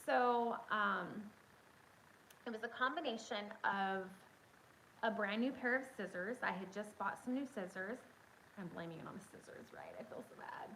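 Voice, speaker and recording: A chatty, excitable woman talks to her viewers through a phone mic at home. Her pitch sits in an ordinary middle range, with a faint hiss of background noise under her voice. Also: moderate pace, poor audio. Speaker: livestream host. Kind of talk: casual storytelling chat.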